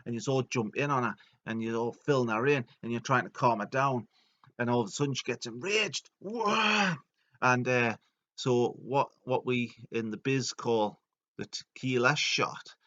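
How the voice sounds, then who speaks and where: A man tells a joking story and slips into goofy voices for the people he quotes. His tone is bright and forceful, at an ordinary pitch. The recording sounds a little dull and lo-fi. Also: steady tone, normal speed. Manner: jokey, puts on silly voices for quoted characters. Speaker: video narrator. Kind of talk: comedic storytelling.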